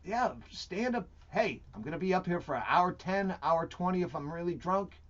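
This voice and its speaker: A comedian guest in casual interview chat, talking in a dry, sardonic, profane way. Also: male voice, sits high, animated, moderate pace, a bit bright. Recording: dull lo-fi broadcast audio.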